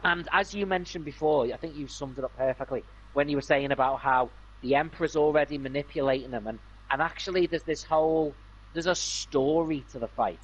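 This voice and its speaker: Chatting casually on a gaming stream, a man speaks a little fast in a fairly high voice over lo-fi sound. He's enthusiastic and rambling, with many fillers and restarts.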